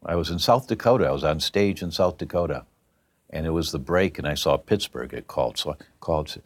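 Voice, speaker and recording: A man's voice: very deep voice, brisk. A man telling a personal story as a guest, emphatic and plain-spoken.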